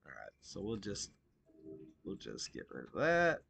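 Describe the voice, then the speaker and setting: A man's voice: low-pitched, huge pitch swings, a little slow, gravelly, a bit bright, a little hiss or hum. A man hosting a stream, giving sarcastic, theatrical mock-outraged commentary full of swearing. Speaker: streamer host.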